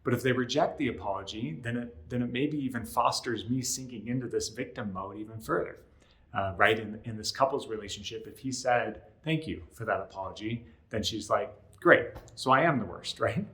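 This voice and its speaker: Man explaining calmly, tag-question habit. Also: on the low side, fairly quick. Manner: conversational, often adds "right?"; acts out short example lines in other voices. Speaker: relationship counselor. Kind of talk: educational talk to camera.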